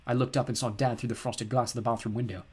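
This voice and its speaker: A man narrating an audiobook in first person, calm and plain. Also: medium pitch, fast talker, husky. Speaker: audiobook reader.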